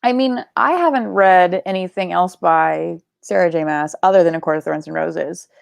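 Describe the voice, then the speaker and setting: A woman's voice: fairly low pitch, normal speed, creaky, no room sound. A young woman hosting a live book club stream, chatting casually and rambling, sleepy and yawning, with offhand swearing.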